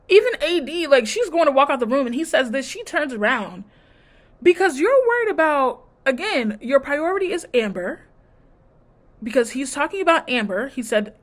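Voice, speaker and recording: A woman's voice: high-pitched, very animated, normal speed. A woman vlogger giving a casual, sassy and blunt recap of a reality TV show, mimicking the cast as she goes. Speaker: TV review vlogger.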